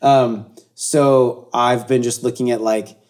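A man, a guest on an interview show, talking reflectively with many restarts and fillers, breaking into animated asides. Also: medium pitch, takes it slowly. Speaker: guest, artist and speaker.

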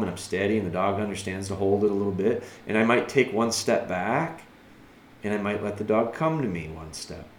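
A man's voice: sits low, echoey room, slight background noise. Patient man giving dog-training advice. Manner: earnest, patient, thinking aloud, drops soft and slow for calming commands. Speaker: dog trainer answering a listener. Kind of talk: podcast advice talk.

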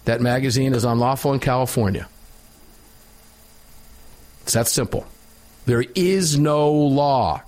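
A man's voice: mid-range voice, animated, unhurried, long pauses. A man hosting a talk radio show, giving opinionated commentary in an emphatic, sarcastic way.

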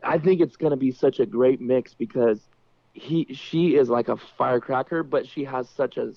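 A man's voice: mid-range voice, moderate pace, dry recording. A man chatting casually about training his dogs. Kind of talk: casual chat. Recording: dull, muffled sound.

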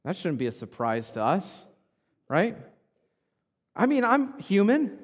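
A male pastor in his thirties delivers a sermon from the pulpit. His voice sits high for a man. He talks in a conversational way, often asking "right?", and the sound carries a long, echoing reverb from the church hall. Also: huge pitch swings, unhurried. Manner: conversational preaching with frequent tag questions.

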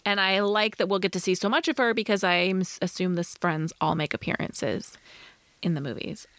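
A woman's voice: medium pitch, brisk, a bit bright, no room sound. A woman with a mid-range voice co-hosting a podcast and stating her views plainly. She is heard close up on a dry recording. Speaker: podcast co-host. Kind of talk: casual chat.

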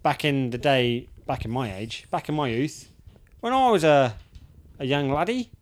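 A man's voice: mid-range voice, lively intonation, moderate pace. Ranting, swearing man. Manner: ranting, swears freely, restarts often. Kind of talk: casual chat.

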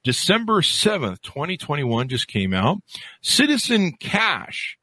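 A man's voice: fairly high pitch, huge pitch swings, unhurried, bright, forceful tone, no room sound. A man hosting an interview podcast, upbeat and jokey, rambling through plugs and asides. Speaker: podcast host.

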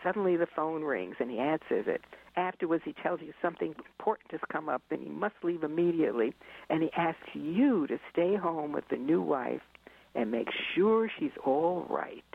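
A woman's voice: low-pitched, animated, fairly quick, creaky, slightly rough. A middle-aged woman, an author and parenting expert, telling stories animatedly and acting out scenes, laughing often. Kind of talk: storytelling in a conversation. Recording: tinny phone-like line, dry.

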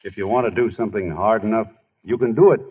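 Earnest young ballplayer. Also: male voice, lowish voice, fast, husky. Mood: encouraging. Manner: earnest, bashful. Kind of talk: 1940s radio acting. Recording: tinny old radio broadcast.

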